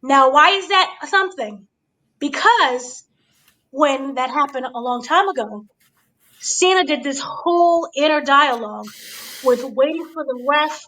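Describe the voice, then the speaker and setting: A woman hosting a casual review chat, giving an excited blow-by-blow recap and checking in with her listeners. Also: sits high, unhurried, rough recording. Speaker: podcast host.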